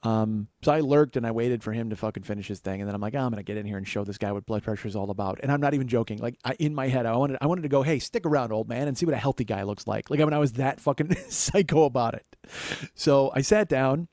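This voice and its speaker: A man's voice: medium pitch, fast talker, darkish tone, dry recording. A man hosting a comedy podcast, telling a story as an exasperated, profane monologue. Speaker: podcast host.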